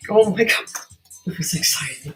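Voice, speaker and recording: A woman's voice: medium pitch, expressive, normal speed, faint music behind, low-quality recording. A woman, likely older, chatting her way through an art tutorial while hiccuping, rambling and laughing at herself. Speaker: artist. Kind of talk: casual craft tutorial.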